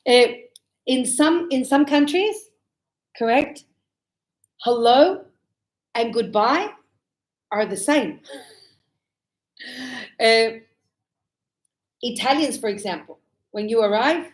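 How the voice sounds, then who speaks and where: A woman teaching an English class, speaking slowly and clearly and acting out greetings as examples. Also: fairly high pitch, lively intonation, poor audio. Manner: slow, clear, explaining with acted greetings. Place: Australia.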